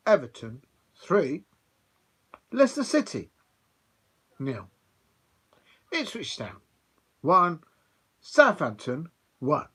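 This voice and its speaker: A man imitating an old-school radio football results announcer, reading scores in a formal, measured cadence. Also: a little high, bright, forceful tone, breathy edge, exaggerated voice. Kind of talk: impression of a radio results reader.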